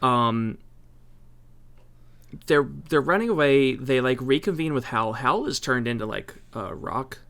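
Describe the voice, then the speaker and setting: A man's voice: medium pitch, expressive, unhurried, a bit bright. A young man co-hosting a casual podcast, recapping a movie from his notes in an easygoing, jokey way. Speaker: podcast co-host.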